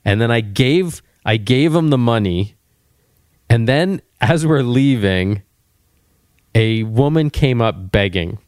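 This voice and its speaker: A young man from Canada hosting a podcast, telling a travel story in a rambling, animated way. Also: medium pitch, takes it slowly, no room sound, clean studio sound. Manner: rambling, animated anecdote-telling with frequent restarts. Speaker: podcast host.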